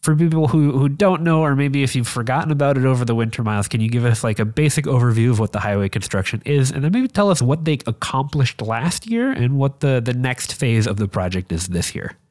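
A man hosting a podcast in a relaxed, chatty way, his voice stuffy and congested from a sinus infection, recording away from his usual studio. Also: mid-range voice, fairly quick, hardly any pauses, dry recording. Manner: relaxed, chatty, with fillers and restarts. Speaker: podcast host. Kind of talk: casual chat. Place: makeshift spot outside the usual studio.

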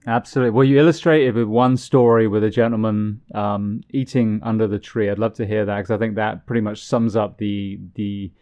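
A man's voice: on the low side, steady tone, brisk, hardly any pauses, a little mellow, highs cut off. A man hosting an interview podcast, asking questions in long, run-on sentences. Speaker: podcast host. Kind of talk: interview host.

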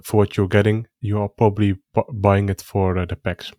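Man, co-host, casual chat, halting, restarts, deep voice. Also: flat delivery, dark tone, dry recording, clean studio sound.

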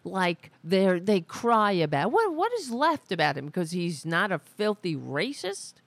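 A woman's voice: fairly low pitch, very animated, measured pace, no echo. A woman hosting a podcast, ranting in exasperated, sarcastic, profane political commentary into a studio microphone. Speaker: podcast host.

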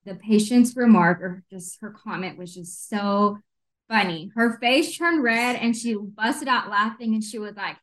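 A woman telling a funny office story in a lively, giggly way. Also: mid-range voice, measured pace, rough recording. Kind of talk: casual chat, storytelling.

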